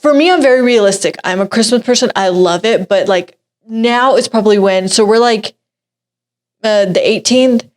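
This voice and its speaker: A young woman from Texas hosting a casual entertainment chat, bubbly and quick to laugh. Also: fairly high pitch, a little mellow. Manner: giggly, bubbly, laughs often. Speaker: entertainment segment host. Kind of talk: casual web show chat.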